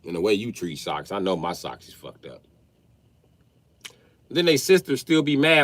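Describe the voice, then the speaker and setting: A man, ranting comically about family life in a stand-up style, swinging from muttering to yelling. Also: mid-range voice, moderate pace, pauses often. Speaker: comedian. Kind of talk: stand-up style comedic rant.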